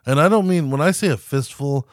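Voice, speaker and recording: A man's voice: fairly high pitch, fairly quick, no room sound, studio quality. A man co-hosting a podcast, telling crude stories in casual chat and acting out quotes with laughs. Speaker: podcast co-host.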